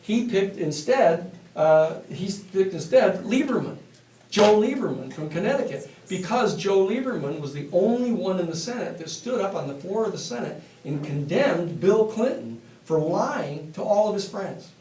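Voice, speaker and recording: A man lecturing a university class, telling stories in a blunt, animated and profane way. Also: high-pitched, normal speed, a little hiss or hum. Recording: echoey classroom from a distance.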